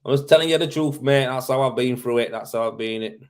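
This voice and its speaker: A man in his thirties hosts a casual live chat, answering viewers' comments. He talks bluntly and matter-of-factly, with plenty of slang and an easy laugh. His voice sits at an ordinary middle pitch. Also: quick pace. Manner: blunt, matter-of-fact advice with slang and frequent "mate"; laughs easily. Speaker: host.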